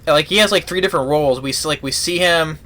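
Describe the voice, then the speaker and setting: A man giving a casual spoken movie review, retelling the plot in a rambling, halting way full of restarts. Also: fairly high pitch, bright, forceful tone, a little hiss or hum.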